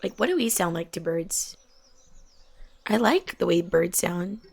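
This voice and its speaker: A young adult woman chatting softly while she plays a game, often dropping to a near whisper. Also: on the low side, expressive, a little slow, gravelly, slightly rough. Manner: soft-spoken, often drops to a near whisper. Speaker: gaming channel host. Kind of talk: relaxed chat while playing a game.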